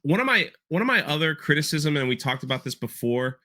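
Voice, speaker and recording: A man's voice: fairly high pitch, sing-song, fast, pushed and bright. A man hosting a casual podcast chat, rambling and repeating himself as he talks through a show episode. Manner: rambling, repeats words, quotes lines with feeling. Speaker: podcast host breaking down an episode.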